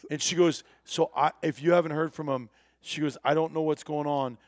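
Brief: male storyteller, slightly higher voice, animated and chatty, dry close mic. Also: fairly quick, no room sound. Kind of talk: casual storytelling chat.

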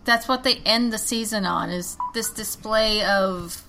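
Bright-voiced woman podcast co-host. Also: mid-range voice, a little slow, creaky, a little hiss or hum, rough recording. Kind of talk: casual chat reviewing a TV series.

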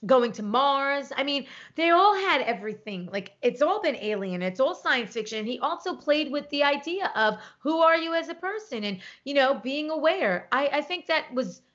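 A woman co-hosting a casual podcast chat over a remote call, retelling stories with lively voiced quotes. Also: high-pitched, normal speed, few pauses. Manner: animated storytelling, acts out quotes. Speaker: podcast co-host. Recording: lo-fi internet call audio.

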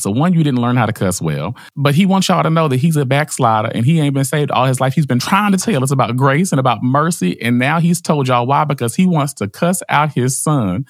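A man's voice: fairly quick, no room sound. Guy cohosting a podcast, voice jumps all over, dry close sound. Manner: animated, laughing, acts out quotes in a high voice. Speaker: podcast co-host. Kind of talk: casual chat.

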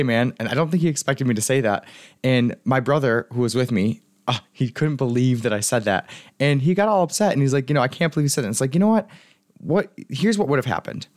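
Fast-talking male life coach. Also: mid-range voice, no echo, clean studio sound. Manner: chatty, storytelling, frank. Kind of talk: casual motivational monologue.

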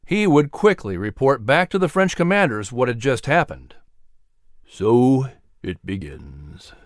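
A male narrator reads a historical story aloud in a measured, dramatic, sing-song manner, like a scripted audiobook. His pitch is in the middle range for a man. The recording is dry and close, with no room sound.

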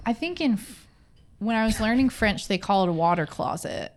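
A woman's voice: mid-range voice, lively intonation, normal speed. A woman co-hosting a podcast, chatting and explaining things in a casual way. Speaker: podcast co-host. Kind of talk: casual chat.

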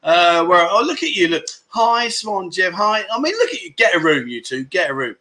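A man's voice: sits high, wildly swooping pitch, a little fast, pushed and bright. A middle-aged man with a British accent, hosting a casual livestream chat and bantering cheekily with his viewers. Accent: British English. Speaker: livestream host.

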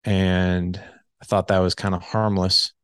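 A man's voice: sits low, flat delivery, unhurried, clear, resonant tone, dry recording. A man in his forties candidly telling his life story in casual conversation, full of "like" fillers. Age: 40s. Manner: candid, heavy use of filler "like".

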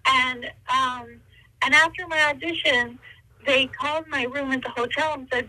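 A woman in her sixties tells stories down the phone in a high, very bright voice. She's animated, jumping into little voices and quotes as she goes. The sound is close and dry. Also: normal speed, dry recording, poor audio. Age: 60s. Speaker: guest. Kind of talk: interview storytelling.

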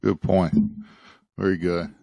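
A man hosting a Bible study podcast, talking thoughtfully with frequent pauses and fillers. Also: low-pitched, flat delivery, gravelly, dark tone, dry recording. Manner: thoughtful, hesitant, many fillers. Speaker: podcast host.

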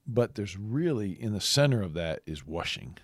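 A man's voice: fairly low pitch, moderate pace, dry recording, studio quality. A man co-hosting a casual Bible discussion podcast, often chiming in with short agreements. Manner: chimes in with short agreements, expressive. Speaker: podcast co-host.

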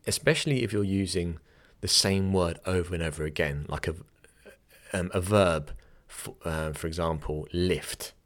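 In a deep voice at a moderate pace, a young podcast host who teaches yoga chats casually. He tends to restart and correct his sentences and laughs easily.

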